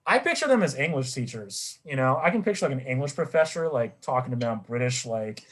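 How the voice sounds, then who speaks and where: Animated, joking male podcast guest. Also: medium pitch, a little fast, slightly rough. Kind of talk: casual chat.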